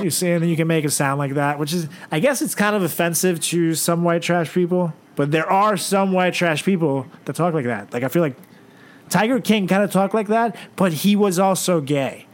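A man's voice: on the high side, lively intonation, moderate pace, soft background music. A young man co-hosting a comedy podcast, joking casually and stumbling over his words as he riffs. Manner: joking, stammering, does voices. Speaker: podcast co-host.

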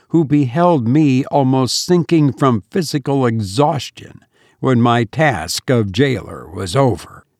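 Slow, solemn male story narrator. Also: medium pitch, a little mellow, no room sound, clean studio sound. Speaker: audiobook narrator. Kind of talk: first-person gothic story reading.

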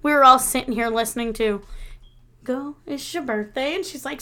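With a voice on the high side and a normal speaking speed, a woman in her thirties co-hosts a casual podcast, a little background noise audible. She chats and tells stories, laughing throughout and turning animated when she quotes people.

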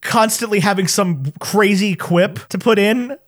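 A man's voice: sits high, unhurried, fairly bright tone. A man co-hosting a podcast in casual chat, chatty and full of fillers. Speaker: podcast co-host.

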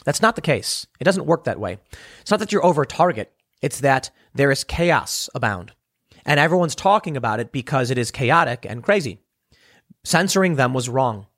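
Animated man hosting a commentary show. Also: medium pitch, moderate pace, no room sound, studio quality. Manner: animated, acts out quoted voices in analogies. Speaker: political commentary host. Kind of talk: solo commentary monologue.

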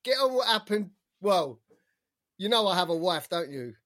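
A man, co-hosting a podcast and telling stories in an animated, sweary, casual way. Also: high-pitched, normal speed. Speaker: podcast co-host. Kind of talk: casual chat.

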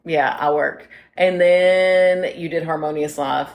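A woman in her forties with a slightly low voice co-hosts a casual podcast. She rambles through stories and turns to talk straight to her listeners. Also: fairly even intonation, slow pace. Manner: rambling, chatty storyteller who talks to listeners directly. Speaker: podcast co-host. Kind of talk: casual chat.

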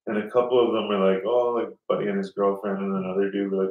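Low-voiced rambling guy, roomy and distant. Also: steady tone, fast talker, narrow, tinny audio. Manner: rambling, swears often, acts out other people's lines in a raised voice. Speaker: storyteller in casual chat. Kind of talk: casual chat.

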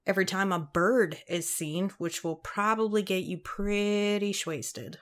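A woman's voice: mid-range voice, a little slow, a bit bright. A woman co-hosting a book podcast in laid-back casual chat, talking into a desk microphone. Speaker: podcast co-host.

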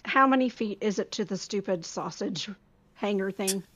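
A woman's voice: mid-range voice, moderate pace, noisy background. A woman playing a tabletop game, playful and groaning at setbacks. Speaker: player. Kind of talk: casual tabletop play.

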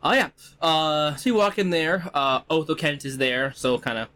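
A man's voice: on the high side, normal speed, bright, forceful tone. A man narrating a tabletop game as game master, casual and rambling. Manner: casual, rambling, laughs easily.

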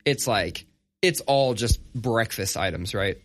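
Speaking in a lowish, unhurried voice, a thirty-something podcast co-host chats casually. He's an animated storyteller who curses without holding back.

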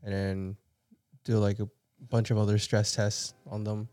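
Male guest, low and mellow voice, loose rambling delivery. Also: flat delivery, measured pace. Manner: rambling storyteller with fillers. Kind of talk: casual group chat.

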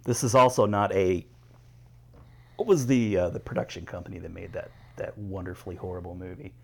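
A man co-hosting a movie podcast in loose, joking chat. His voice sits a bit low, and he laughs often and lets sentences trail off before starting over. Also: brisk, gravelly, darkish tone, husky. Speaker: podcast co-host. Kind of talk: casual banter.

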